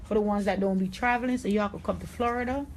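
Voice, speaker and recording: A woman's voice: mid-range voice, fast, a little hiss or hum. Blunt New York woman hairstylist. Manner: blunt, confident, streetwise, with Southern-tinged slang. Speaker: hairstylist and salon owner. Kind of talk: livestream haircut tutorial.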